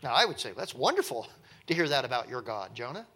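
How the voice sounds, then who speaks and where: A man preaching a sermon in a conversational, animated way with wry asides, at an evening church service. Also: mid-range voice, fast talker, breathy edge. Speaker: pastor.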